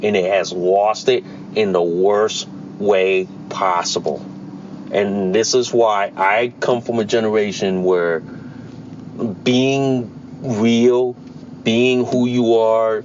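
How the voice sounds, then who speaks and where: A man's voice: lowish voice, lo-fi sound, slight background noise. A man in his forties hosting a solo podcast, ranting bluntly and repeating himself emphatically, with occasional swearing. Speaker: podcast host. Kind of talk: solo opinion monologue.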